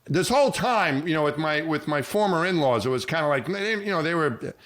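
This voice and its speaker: A middle-aged man, a former astronaut co-hosting a podcast, telling a long story in a rambling way, with many restarts and lively quoted voices. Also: fairly high pitch, a little fast. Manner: rambling, many restarts, animated when quoting people. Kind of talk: casual storytelling chat.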